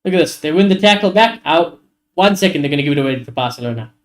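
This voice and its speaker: A fired-up man streaming a live football watchalong, his voice sitting a little higher than most men's. He calls the play as it happens, curses freely and vents his frustration to his chat. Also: fast. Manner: excitable, frustrated, swears often, talks to chat.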